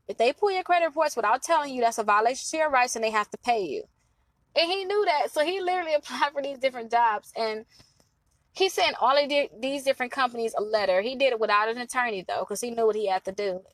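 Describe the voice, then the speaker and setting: Chatty Milwaukee woman, higher voice. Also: no echo, rough recording. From Milwaukee, Wisconsin. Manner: chatty, laughs often, acts out clients' voices. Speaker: credit repair advisor. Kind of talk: casual to-camera advice talk.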